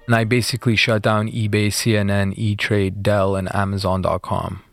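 A man being interviewed, retelling events in a fast, animated way with many fillers. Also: fairly low pitch, gravelly, no echo, clean studio sound, faint music behind. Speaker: interview guest. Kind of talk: casual storytelling interview.

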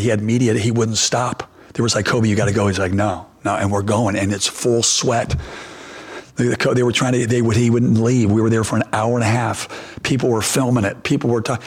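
A middle-aged man coaching basketball talks to reporters in a low, gravelly voice. His tone is husky and held in a narrow, flat range. He rambles, restarting sentences as he tells his story. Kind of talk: press conference answers.

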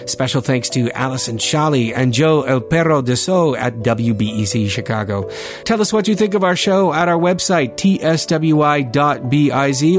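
Brief: male radio host, steady outro read, mid pitch, music clearly under him. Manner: steady, announcer-like reading. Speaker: podcast host. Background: instrumental music.

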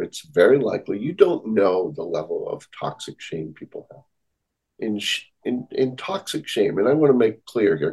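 Low, slightly husky male therapist guest; earnest, reflective, repeats key phrases. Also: a little mellow, rough recording. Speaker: therapist and author, podcast guest. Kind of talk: conversational interview.

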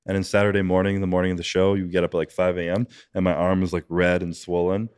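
A man's voice: sits low, level tone, fast talker, darkish tone, smooth, no room sound, clean studio sound. A man talking as a podcast guest about his competitions, rambling with lots of "like" and casual swearing. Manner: rambling, fillers of "like", frequent swearing.

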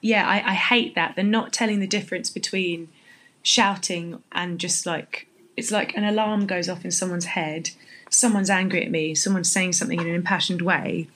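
A woman's voice: fairly low pitch, fairly even intonation, moderate pace, fairly bright tone, a little hiss or hum. A woman in casual chat, opinionated and sweary, with many fillers.

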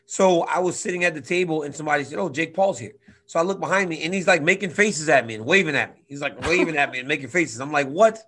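A man in his twenties telling a story in casual chat, animated, swinging from loud to quiet. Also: a little high, quick pace. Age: 20s. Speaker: guest fighter.

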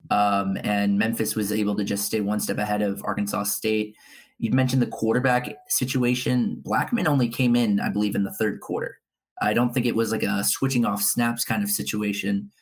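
A man's voice: fairly low pitch, flat delivery, normal speed, low-quality recording. A man co-hosting a college football show, giving blunt, opinionated analysis of the games.

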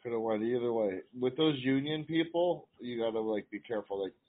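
A man's voice: mid-range voice, a little fast, slight background noise. A man, a guest in a casual chat, explaining things loosely with lots of fillers. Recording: tinny phone-like line.

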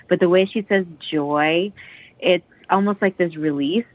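On dull, lo-fi podcast audio with no room sound, a woman co-host talks about a song in a lowish voice at normal speed. Her chat is casual and enthusiastic, packed with fillers and restarts.

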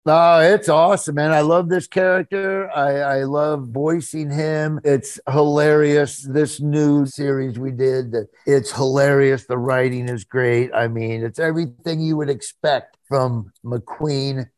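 A man's voice: on the high side, steady tone, measured pace, few pauses, a little mellow, no room sound. A middle-aged man being interviewed about his voice acting over a video call, folksy and enthusiastic, laughing often. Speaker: voice actor guest. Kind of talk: casual interview.

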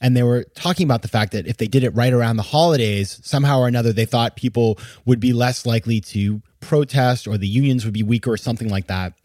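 A man in the middle of his pitch range hosts a podcast with a casual, emphatic tone, exasperated and breaking into laughs now and then. The sound is dry and close, with no room echo. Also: fast talker, hardly any pauses, darkish tone. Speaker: podcast host. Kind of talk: casual commentary.

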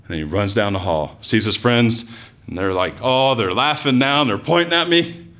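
A man spinning a personal story for a live audience, his pitch swinging widely as he gets into it. His voice sits at an ordinary middle height, and he talks conversationally, full of asides, "like"s and "um"s. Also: animated, moderate pace, fairly bright tone. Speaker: storyteller, former teacher.

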